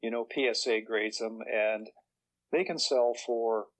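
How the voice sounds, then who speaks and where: A man's voice: on the low side, fairly even intonation, a little slow, low-quality recording. Older man telling stories. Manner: chatty, acts out quoted voices, chuckles through punchlines. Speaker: guest author. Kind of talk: relaxed anecdotal storytelling.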